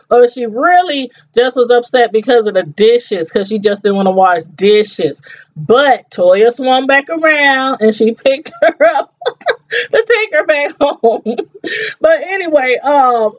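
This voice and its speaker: High-voiced chatty woman reviewer. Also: highs cut off. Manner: chatty, laughs often, acts out quotes. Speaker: TV show reviewer. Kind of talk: casual review chat.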